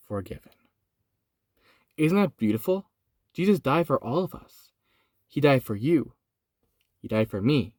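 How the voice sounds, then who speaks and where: Sweaty, overheated and having been crying, a young man films in a hot parked car, retelling a Bible story earnestly yet casually with plenty of "like" and "dude." His voice is medium-pitched and a little mellow, studio quality without echo.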